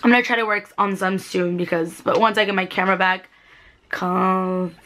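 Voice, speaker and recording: Chatty, excitable young woman recapping a TV episode. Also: medium pitch, normal speed. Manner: chatty, excitable, says "like" and "literally" a lot. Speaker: vlogger. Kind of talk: casual TV recap. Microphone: laptop webcam.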